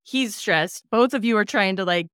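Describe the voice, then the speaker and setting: A woman host reflecting calmly in a conversation, affirming and thoughtful. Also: mid-range voice, moderate pace, smooth, no room sound, clean studio sound.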